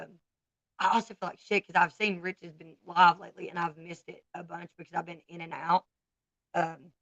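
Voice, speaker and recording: On a casual livestream, a woman in her forties with a Southern US accent chats bluntly and candidly with viewers. Her voice is fairly low and fairly bright, and the recording is dry and muffled.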